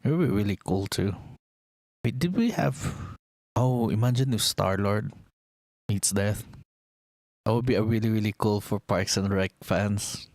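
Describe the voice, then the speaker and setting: A man's voice: fairly low pitch, unhurried, long pauses, a little mellow, no echo. A young man rambling in casual chat, enthusiastic and swearing casually as he talks about a TV series. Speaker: vlogger.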